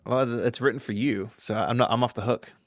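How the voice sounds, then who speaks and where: Male co-host, dry teasing delivery, mid pitch, dead studio sound. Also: steady tone, fairly quick, no echo. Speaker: podcast co-host. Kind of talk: scripted comedy podcast banter.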